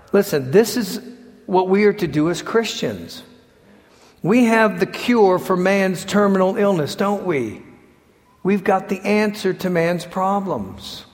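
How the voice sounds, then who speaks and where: A man preaching a sermon, telling stories with lively acted-out quotes and sudden shouts. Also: sits high. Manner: animated storytelling, acts out quotes and shouts. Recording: long hall reverb.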